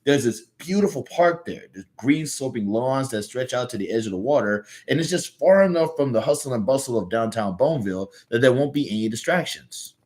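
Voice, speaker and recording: A man's voice: medium pitch, animated, brisk, hardly any pauses, darkish tone, natural voice. A man with a Southern US accent voicing an earnest, good-natured little male cartoon hero telling a story.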